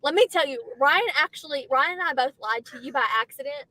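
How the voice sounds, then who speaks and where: A woman co-hosting a casual livestream from a car, animated and loud when she gets passionate. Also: high voice, fast talker, dry recording, poor audio. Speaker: livestream co-host. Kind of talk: casual chat.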